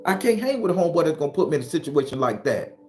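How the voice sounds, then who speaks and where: A man's voice: on the high side, racing, soft background music. Blunt profane man on a live stream. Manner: blunt, profane, animated, greets viewers by name. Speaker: host. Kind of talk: casual live-stream talk.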